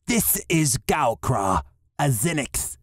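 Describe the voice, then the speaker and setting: Man voicing male alien leader, audiobook, slow and deliberate, dry close sound. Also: medium pitch, very animated, breathy edge, no room sound, pitched above the performer's own voice, full character voice. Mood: introducing.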